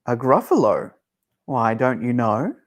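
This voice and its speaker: A man's voice: medium pitch, big pitch swings, unhurried. A man voicing a small, clever brown mouse, in a sing-song storybook voice a little above his own. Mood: polite, cunning.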